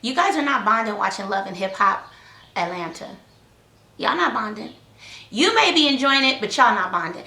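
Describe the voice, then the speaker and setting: A woman giving casual parenting advice, lively and acting out what was said in a raised voice. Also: mid-range voice, normal speed, gravelly. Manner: lively, acts out quotes in a raised voice. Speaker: parenting talk co-host. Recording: echoey room.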